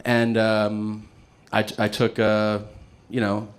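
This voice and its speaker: A man's voice: fairly low pitch, completely flat delivery. Profane man telling a stand-up story. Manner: loose, profane, acts out other people's lines in quick voices. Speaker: stand-up comedian.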